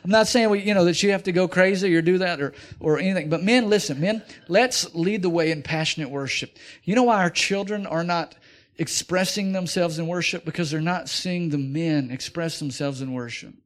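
Preacher guy, high pitched, middle-aged, gets loud and fired up. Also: a little fast. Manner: animated, rising to near shouting exhortations. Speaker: pastor. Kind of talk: sermon.

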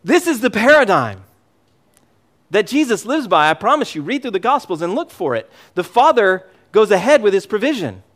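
Middle-aged male pastor, lively sermon delivery, fairly high voice, emphatic and repetitive. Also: moderate pace. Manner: animated, emphatic preaching with frequent repetitions.

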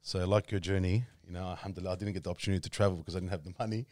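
A man's voice: low voice, steady tone, very fast, darkish tone, no room sound. A man telling a personal story in casual conversation, rambling with frequent fillers and restarts.

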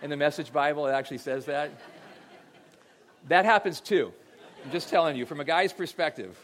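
A man's voice: fairly high pitch, a little fast, a bit bright, a faint crowd. A middle-aged man preaching a sermon as pastor, telling stories in a conversational way, often repeating his words.

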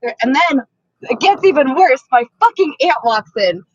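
A woman's voice: sits high, lively intonation, normal speed, no echo, lo-fi sound. A woman co-hosting a podcast, telling a story in casual chat and swearing a lot as she acts out the people in it. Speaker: podcast co-host.

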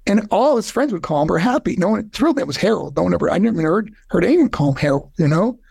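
An older man, a podcast guest, telling a heartfelt personal story in an earnest way, his voice climbing high when he is moved. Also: lively intonation, fast, gravelly, darkish tone, husky, dry recording.

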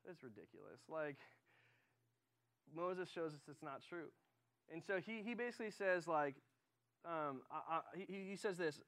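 A young man delivers a youth sermon in a loose, conversational style, stumbling over restarts and filling pauses with ums. His voice sits a little above the usual male range. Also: a little high, expressive, a bit bright. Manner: casual, conversational, many fillers. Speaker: high school director.

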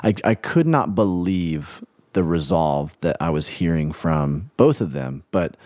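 A man's voice: sits low, lively intonation, measured pace, darkish tone, no room sound. A man hosting a faith podcast as a pastor, talking in an earnest, reflective and emphatic way. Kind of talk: casual faith interview chat.

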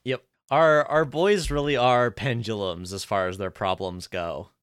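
A man's voice: medium pitch, fairly even intonation, a bit bright, clean tone, no echo. Dry-sounding laughing man on a podcast. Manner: laughing, trailing off, halting restarts. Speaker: podcast co-host. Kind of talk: casual podcast recap chat.

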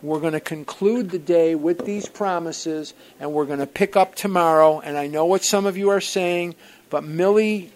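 A man telling a personal story to a group at a recovery gathering, in an animated, wry way that swings from loud outbursts to quiet asides. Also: a little high, moderate pace, poor audio. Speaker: speaker sharing at a recovery program gathering.

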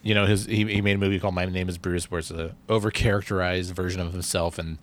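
A man in casual chat, recalling a story in a relaxed way with "um" and "you know" fillers. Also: deep voice, quick pace.

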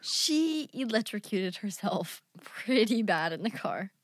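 A woman's voice: mid-range voice, big pitch swings, slow pace, no room sound, studio quality. A young woman co-hosting a podcast in casual chat, blunt, swearing freely and laughing a lot. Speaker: podcast co-host.

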